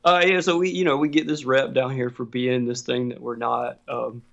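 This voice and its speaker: A man's voice: medium pitch, flat delivery, normal speed, gravelly. A man telling a story in casual chat, swearing freely and laughing often. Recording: dull lo-fi sound.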